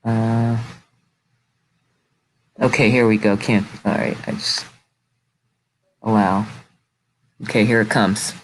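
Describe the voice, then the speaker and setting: A man hosting a casual live video chat over a call, talking in a halting, distracted way with many restarts. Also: on the low side, level tone, slight background noise, low-quality recording. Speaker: show host sharing his screen.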